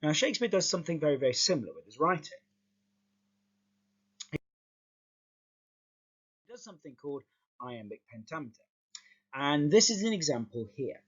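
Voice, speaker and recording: A male teacher explaining a lesson in a lively, stop-start way, often repeating words as he goes. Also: fairly high pitch, normal speed, pauses often, breathy edge, muffled recording.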